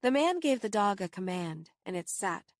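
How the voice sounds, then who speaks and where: A woman reading a first-person horror novel aloud in steady, measured audiobook narration. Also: medium pitch, dry recording, studio quality.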